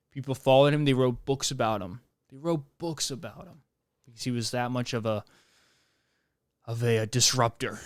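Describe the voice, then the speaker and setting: A man's voice: mid-range voice, clean tone, no room sound, clean studio sound. Rambling man hosting a podcast. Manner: rambling, joking, frequent restarts and laughs. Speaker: podcast host. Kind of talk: casual monologue.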